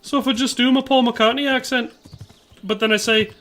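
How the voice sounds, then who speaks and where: A man's voice: extremely high pitch, steady tone, brisk, a bit bright. A man streaming a game, chatting casually, reading out viewer comments and answering them with playful jokes. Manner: playful, joking asides. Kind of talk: casual livestream commentary while playing.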